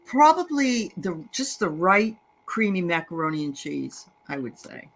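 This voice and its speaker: A woman's voice: lowish voice, very animated, unhurried. Enthusiastic woman chatting casually. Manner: enthusiastic, warm and a little rambling. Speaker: tarot reader and guest host. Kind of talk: casual chat.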